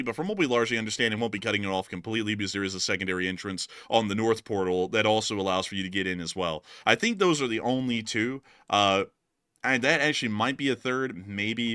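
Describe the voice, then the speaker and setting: A man's voice: on the low side, sharp tone, clear, resonant tone, no echo, clean studio sound. An American man hosting a live war-news stream, talking to viewers with plenty of filler words. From United States. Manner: talkative, many filler "uh"s, addresses viewers as folks. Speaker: war news show host.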